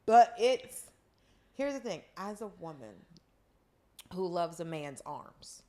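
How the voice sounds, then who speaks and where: A woman's voice: on the low side, sing-song, slow pace, mellow. A woman co-hosting a podcast in casual chat, brash and joking, acting out people in mock voices. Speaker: podcast co-host.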